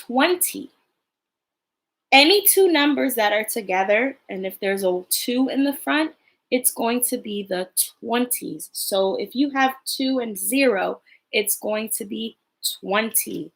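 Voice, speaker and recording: Young woman teacher livestreaming to little kids, slow sing-song voice, bright tone. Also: a little high, gravelly. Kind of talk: early-grade livestream lesson.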